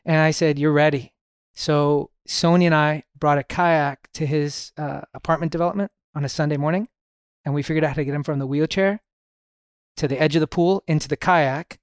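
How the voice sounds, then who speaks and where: A middle-aged man, a podcast guest, telling stories in a relaxed way and often saying "you know". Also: a little high, brisk, clear, resonant tone, no room sound, studio quality. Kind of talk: casual storytelling conversation.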